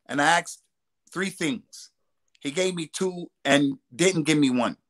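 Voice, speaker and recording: A man answering questions as a religious scholar on a live stream, explaining at length and reciting Arabic quotations quickly. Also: a little high, a bit bright.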